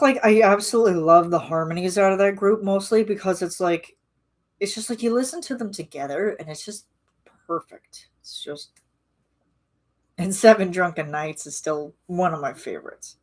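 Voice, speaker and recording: A woman's voice: medium pitch, moderate pace. A woman rambling casually in a live-stream chat with her viewers, full of restarts and fillers. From Canada.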